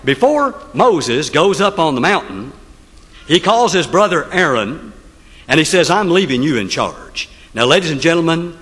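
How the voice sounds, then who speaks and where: A man's voice: fairly high pitch, fairly bright tone, husky. A man preaching a sermon, telling the story dramatically and putting rhetorical questions to the congregation. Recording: long hall reverb.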